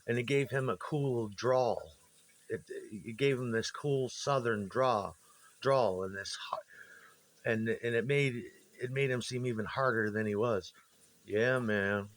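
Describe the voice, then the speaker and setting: A man's voice: medium pitch, fairly even intonation, unhurried. A man in a rambling, casual monologue, swearing freely and restarting his sentences as he tells stories about his old bandmates. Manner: meandering, profane, frequent restarts.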